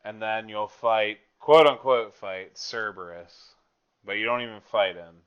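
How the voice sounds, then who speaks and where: Young guy rambling and swearing about a game, bright tense voice, lowish, lo-fi podcast audio. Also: unhurried, clean tone. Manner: rambling and profane, with filler words. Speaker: podcast host. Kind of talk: casual chat about a video game.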